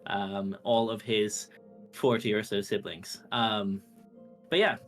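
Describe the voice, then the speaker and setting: A man's voice: fairly low pitch, steady tone, slow pace, a bit bright, faint music behind. A man casually describing his character in a tabletop game, rambling and using many fillers. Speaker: player.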